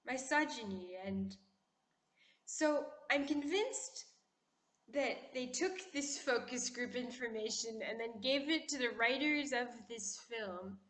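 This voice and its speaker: A woman vlogger chatting casually, putting on a poised, classy-sounding voice and talking in an opinionated, animated way. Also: on the high side. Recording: echoey room.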